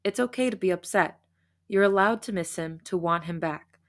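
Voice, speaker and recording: A woman voicing a gentle, caring young man in a read-aloud romance story, speaking softly but firmly. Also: fairly low pitch, normal speed, natural voice. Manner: soft but firm.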